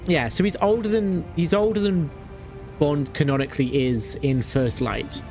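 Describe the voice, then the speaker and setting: Chatty man, slightly high voice. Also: steady tone, normal speed, darkish tone, faint music behind. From Britain. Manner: chatty, ranting, laughs often. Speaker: game streamer. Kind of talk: casual chat while playing.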